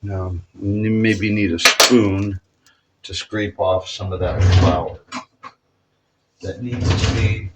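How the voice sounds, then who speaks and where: The recording is very noisy. A man with a lowish, level voice talks slowly, leaving long pauses, as he rambles through a recipe in his home kitchen, chatty and self-correcting, in a casual cooking vlog demonstration.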